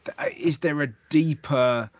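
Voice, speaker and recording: A man's voice: fairly high pitch, moderate pace, dry recording. A man hosting a casual interview podcast, prompting his guest and reacting with short encouraging remarks. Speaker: podcast host.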